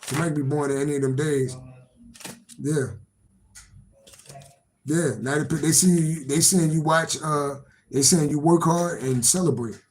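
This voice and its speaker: A man's voice: a little high, steady tone, moderate pace, pauses often, darkish tone, low-quality recording. A man doing a casual live-stream tarot reading, rambling and repetitive, swearing freely and laughing to himself. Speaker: tarot reader.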